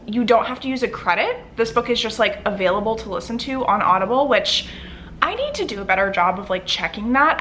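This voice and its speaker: A young woman vlogging about her reading, chatty and gushing, with "like" scattered through every sentence. Her voice sits a little high and bright, and it swoops up and down a lot. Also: a little hiss or hum. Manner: chatty and gushing, many "like" fillers. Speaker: book vlogger. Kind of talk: casual chat to camera.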